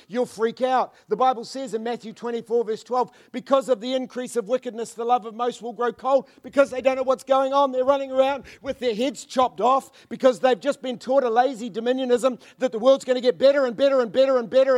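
A man preaching a sermon, swinging between loud, fervent declarations and hushed, murmured prayers. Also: very high voice, brisk, few pauses. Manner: mimics churchgoers in asides.

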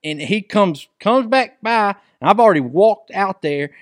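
Middle-aged male podcast co-host, laid-back, slightly higher pitch, dry close mic. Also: animated, a little slow, no echo. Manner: easygoing, backs up his partner with frequent agreement. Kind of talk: casual storytelling chat.

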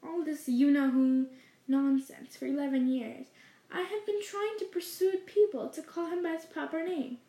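A woman's voice: high-pitched, moderate pace, mellow. Dumbledore, as a woman reads him, wise old wizard in a roomy room. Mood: genial. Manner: mild, genial, lightly playful. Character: wise, gently teasing old male wizard headmaster. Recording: roomy echo.

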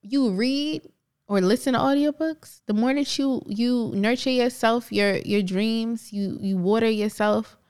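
Her fairly high voice is clear, resonant and darkish, unhurried in pace. She's a New Jersey podcast co-host recounting personal stories in a casual, motivational style, often laughing and voicing the other people involved.

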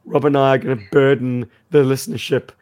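A man co-hosting a podcast in casual chat, with a croaky voice and an enthusiastic storytelling manner. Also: medium pitch, little pitch movement, a little fast, crowd noise. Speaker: podcast co-host.

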